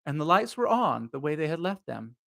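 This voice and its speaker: A man's voice: a little high, big pitch swings, vocal fry, pushed and bright. A man hosting a live reading of a novel, narrating steadily and then musing about the story in casual asides. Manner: measured narration, then musing unscripted commentary. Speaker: host reading a novel aloud.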